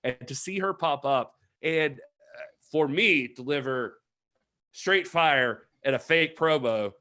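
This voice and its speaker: Man hosting a chatty podcast, bright, laughs a lot. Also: on the high side, slow pace. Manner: laughing, reads chat shout-outs, does impressions. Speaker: podcast host. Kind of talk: casual chat.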